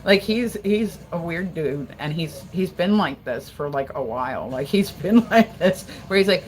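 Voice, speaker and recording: A woman from Delaware, USA, hosts a casual livestream, talking at normal speed in a lowish voice as she rambles, swears, and stays animated. The audio quality is poor.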